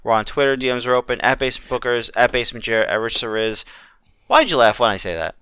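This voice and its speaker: A man hosting a podcast who drops dry, wry remarks and runs through the outro. His voice is bright and crisp, recorded dry and close. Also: medium pitch, animated, fast, no echo. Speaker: podcast host. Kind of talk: casual chat.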